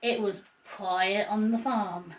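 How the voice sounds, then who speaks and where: A woman reading a children's picture book aloud in an expressive, lilting way, with drawn-out sighs. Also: medium pitch. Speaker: storyteller.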